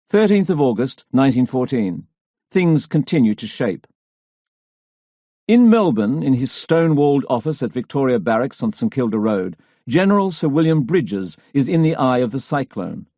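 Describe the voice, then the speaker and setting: A man narrating a history audiobook in a measured storytelling delivery. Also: medium pitch, mellow, dry recording, studio quality. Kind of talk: scripted narration.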